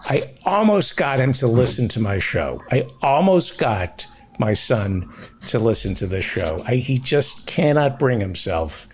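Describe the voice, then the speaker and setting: Brisk, playful male talk show host. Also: medium pitch, big pitch swings, darkish tone. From New York City. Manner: brisk promo patter, then playful banter. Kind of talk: comedic talk show hosting.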